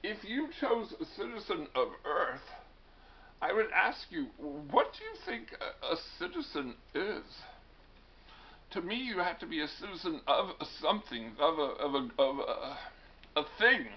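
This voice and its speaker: A man's voice: fairly high pitch, big pitch swings, a little slow, muffled recording. A male teacher giving a classroom lecture in a wry, digressive way, often stumbling and restarting words.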